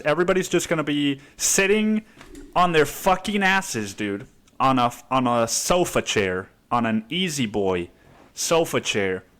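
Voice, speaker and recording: A man's voice: a little high, a bit bright. A man hosting a podcast, ranting casually and rambling with lots of cursing and "dude.". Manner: rambling, heavy cursing, says "dude" a lot. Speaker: podcast host. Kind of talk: casual profane rant.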